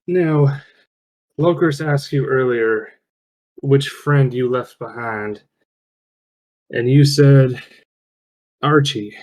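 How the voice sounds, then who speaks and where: A man's voice: mid-range voice, extremely slow, pauses often, darkish tone, rough recording. A man playing a tabletop role-playing game, talking casually, thinking aloud and swearing when things go wrong.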